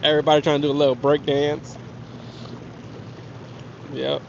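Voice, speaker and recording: A man tells stories on a live fishing stream from his kayak. His voice sits a little high, and he laughs often as he rambles and answers chat. The audio is dull and lo-fi, with faint outdoor noise underneath. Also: completely flat delivery, normal speed, gravelly. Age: 30s. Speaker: fishing livestream host. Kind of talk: casual storytelling livestream.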